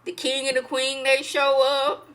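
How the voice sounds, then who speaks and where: A woman chatting through a show recap with a bright, forceful tone and a slightly high voice. She tells it loosely and animatedly, full of slang and asides, as if gossiping with a friend. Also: measured pace, rough recording. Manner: animated, slangy storytelling, acts out characters. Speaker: TV show reviewer. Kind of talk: casual spoken recap.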